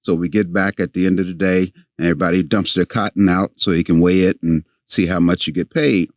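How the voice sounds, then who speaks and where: An older man, a podcast guest, telling a long story in a halting way with many fillers and restarts. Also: low voice, fairly even intonation, dry recording, clean studio sound.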